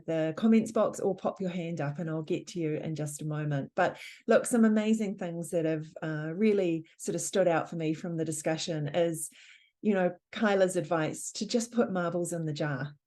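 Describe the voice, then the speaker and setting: A woman moderating a conference panel, recapping points and passing along audience questions in an encouraging way. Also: fairly low pitch. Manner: warm, encouraging recaps of the discussion. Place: conference room.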